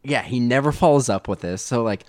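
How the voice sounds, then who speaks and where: A man in casual chat, rambling through a movie recap and tossing in quick impressions of the characters. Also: medium pitch, no echo, clean studio sound.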